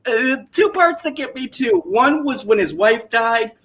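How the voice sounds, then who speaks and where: Man in his thirties, stream host, casual chat, animated, profane. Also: very high voice, a little slow. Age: 30s. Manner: animated, profane, laughs a lot.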